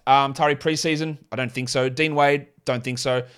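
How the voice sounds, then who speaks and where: A man's voice: medium pitch, steady tone, fairly bright tone, clean tone. Australian man rattling off basketball analysis. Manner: quick, rambling analysis with restarts. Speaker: podcast host. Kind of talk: fantasy basketball podcast talk.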